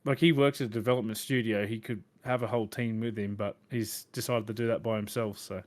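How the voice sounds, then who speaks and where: Brisk and steady in tone, this fairly low-voiced male podcast host wanders through casual gamer chatter, his talk about video games heavily laced with filler words.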